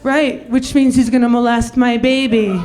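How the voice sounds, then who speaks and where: A young woman with a high voice performs stand-up on a comedy club stage. She rambles through her stories and acts out every quote in a ditzy way. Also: steady tone, normal speed, a crowd in the background. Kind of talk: stand-up routine.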